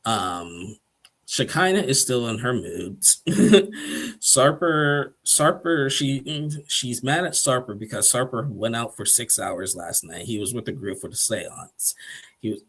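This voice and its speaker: A man's voice: mid-range voice, animated, slow pace, fairly bright tone, breathy edge. A man giving a casual, rambling recap of a TV episode, chuckling often and acting out quotes.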